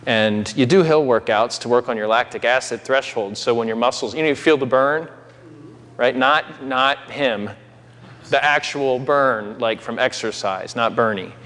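A man's voice: mid-range voice, unhurried, fairly bright tone. A man preaching a sermon in a conversational way, with asides to the congregation. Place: church sanctuary. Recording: long hall reverb.

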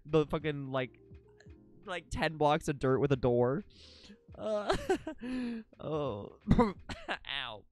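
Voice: medium pitch, animated, very slow, darkish tone, soft background music. Giggly, goofy live streamer. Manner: giggly and goofy, repeating silly words. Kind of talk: casual live-stream chat.

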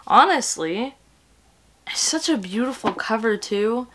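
A woman's voice: on the high side, slow. Gushing woman in a chatty book vlog. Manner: gushing and excitable, gasps and breathy whispers. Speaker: book vlogger. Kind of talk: casual vlog chat.

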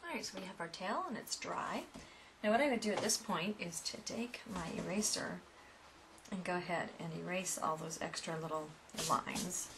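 A woman's voice: lowish voice, moderate pace, noisy background. A woman giving a step-by-step painting lesson in a chatty way, with asides to her students. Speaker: painting instructor. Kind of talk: painting tutorial.

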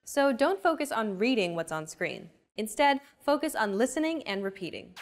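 A woman hosting a language lesson, explaining pronunciation in a clear, even, scripted way. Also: a little high, normal speed. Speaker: lesson host.

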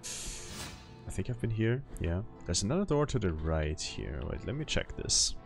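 A man's voice: on the low side, big pitch swings, a little slow, vocal fry, over music. A man streaming a video game, chatting casually with viewers and laughing often as he plays. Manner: chatty, reads chat aloud, laughs often. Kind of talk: casual gameplay commentary.

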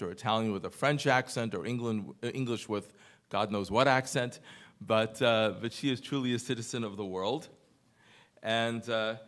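A low-pitched American man speaks at a conference, opening a panel with earnest remarks. He talks with frequent fillers and a touch of self-deprecating humor as he introduces each guest. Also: a bit bright. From United States. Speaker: panel moderator. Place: conference hall.

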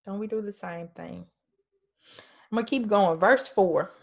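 A woman leads a casual Bible study from home, unhurried and measured in her delivery. She speaks conversationally, leaning into emphatic points and reading passages of scripture aloud. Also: mid-range voice, creaky. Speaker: Bible teacher.

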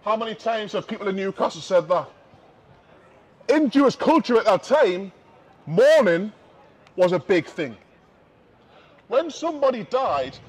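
A man's voice: high voice, darkish tone, breathy edge. A man preaching an open-air street sermon, impassioned and repetitive, building emphasis. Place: outdoors on a city street. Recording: dull lo-fi outdoor recording with faint noise.

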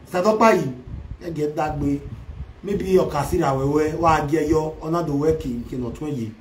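A man delivers a mocking, loud social media rant, switching between Pidgin, Yoruba and Igbo. His voice sits high for a man and rings in a roomy, echoey space. He sounds set back from the microphone. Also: moderate pace, recorded from a distance, slight background noise. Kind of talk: ranting livestream commentary.

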